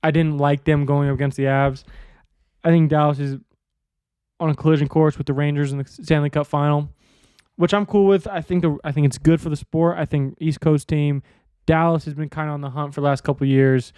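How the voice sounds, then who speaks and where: A man's voice: fairly high pitch, fairly even intonation, fairly quick, warm tone, clean tone, no echo. A man hosting a sports podcast in a casual monologue, rambling and offhand, swearing freely. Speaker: podcast host.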